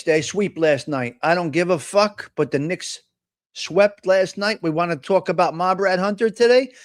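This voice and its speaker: A man hosts a live chat stream. His voice sits high, and he rants excitably with plenty of profanity. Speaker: host.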